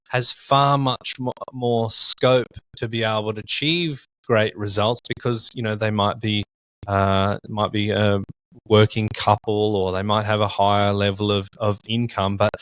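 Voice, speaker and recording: Low-voiced male podcast host, dry sound. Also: a bit bright, no room sound. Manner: conversational, rambling questions with restarts. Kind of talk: casual interview chat.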